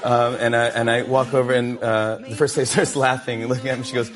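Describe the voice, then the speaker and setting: A man telling a casual story in a halting, sheepish way, full of hesitations. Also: medium pitch, level tone. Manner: halting, lots of fillers, sheepish.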